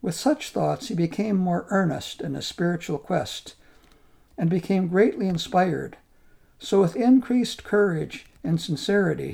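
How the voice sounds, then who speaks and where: A man calmly narrating a folk tale in a measured storybook style. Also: high-pitched, creaky.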